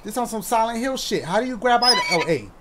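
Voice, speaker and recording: Loud excitable man gaming. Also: extremely high pitch, fast talker, very noisy. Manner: loud, excitable, shouting reactions and running jokes. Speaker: gaming YouTuber. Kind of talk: horror game let's play commentary. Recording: music playing behind the voice.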